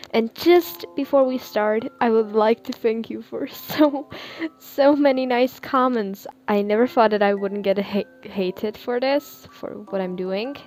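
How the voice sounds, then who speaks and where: A young woman who reads her own fan fiction aloud in a soft, giggly, apologetic way. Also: medium pitch.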